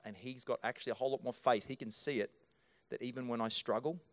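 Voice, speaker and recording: A man preaching a sermon into a handheld microphone in a church, talking earnestly and directly to his congregation. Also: medium pitch. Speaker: pastor. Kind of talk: sermon with live scripture staging. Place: church auditorium.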